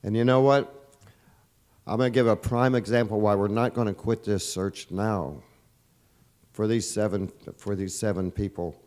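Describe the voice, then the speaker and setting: A man speaks at a press conference in a very low voice. He is earnest and emotional, pressing his point again and again as he leads a volunteer search effort. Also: steady tone, moderate pace, a little mellow. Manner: earnest, emotional, insistent and repetitive. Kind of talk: impassioned press conference statement.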